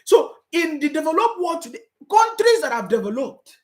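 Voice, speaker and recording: A Nigerian woman with a Nigerian accent talks straight to her viewers in a fervent political commentary vlog. Her voice sits high, and she stresses her points by repeating them, sometimes rising to a shout. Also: sing-song, moderate pace. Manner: emphatic, repetitive, sometimes shouting.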